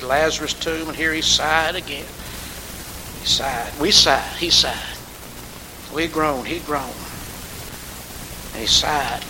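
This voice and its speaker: A man preaching a sermon, rising to emphatic call-and-response and calling on congregation members by name. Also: a little high. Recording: hissy recording in a reverberant hall.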